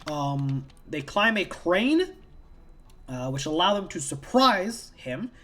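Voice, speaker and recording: A comic book reviewer talking through a plot in a casual, meandering recap, swearing freely and circling back on the same phrases. The voice swings up and down a lot, with a lively, animated pitch. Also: slow pace. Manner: rambling, profane, repeats themselves.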